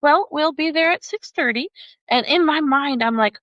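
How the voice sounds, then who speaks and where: A woman who is a podcast guest, telling a personal story in an animated way, often laughing and acting out the voices of other people. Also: high voice, normal speed, dry recording, dull audio.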